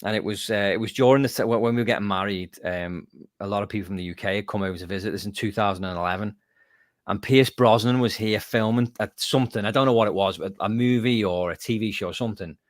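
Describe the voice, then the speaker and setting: A man's voice: lowish voice, fast, dry recording. A man from the UK, a guest musician telling stories in a casual interview. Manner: animated storyteller, lively and self-mocking.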